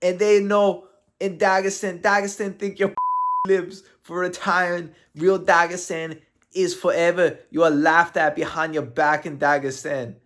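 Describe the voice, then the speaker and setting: A man's voice: high-pitched, level tone, measured pace, a bit bright. A man putting on the voice of a brash, mocking male fighter, reading a post aloud and laughing through the lines. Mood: taunting.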